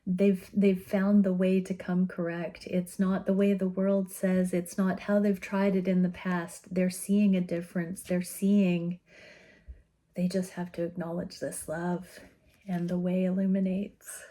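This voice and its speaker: A woman giving an intuitive tarot reading, speaking in a gentle, soothing and earnest way with soft laughs. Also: lowish voice, level tone. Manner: slow, gentle and soothing, often laughing softly; earnest and openly emotional. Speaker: tarot reader.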